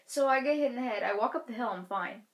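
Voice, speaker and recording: A teenage girl telling a storytime vlog, animated, acting out quotes with loud shouted bursts. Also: a little high, quick pace. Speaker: vlogger.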